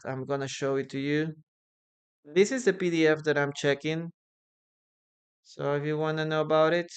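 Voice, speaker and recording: A man who speaks Spanish as his first language teaches an English class live online, his voice on the high side. Using a computer mic, he patiently explains grammar through example sentences.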